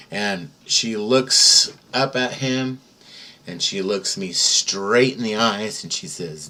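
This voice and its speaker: Low-voiced man recounting a vision. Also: bright, forceful tone. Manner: earnest, hesitant with many pauses and "uh"s. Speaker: testimony speaker. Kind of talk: earnest first-person storytelling.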